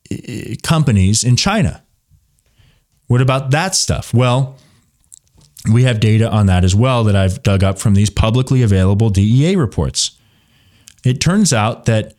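A young man with a fairly low voice, talking through a topic as host of his own commentary show. He explains step by step, stopping often for fillers and self-corrections. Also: darkish tone. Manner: explanatory, many fillers and restarts. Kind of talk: commentary monologue.

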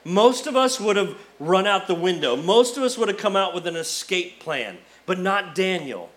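High-voiced animated male pastor. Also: normal speed. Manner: animated storyteller, acts out quoted characters. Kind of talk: sermon.

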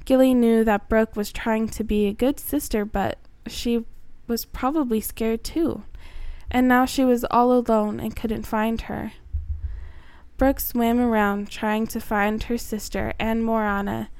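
A woman reading aloud a homemade children's story in a gentle, earnest storybook manner. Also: on the high side, fairly even intonation, a little slow, clean tone, no echo.

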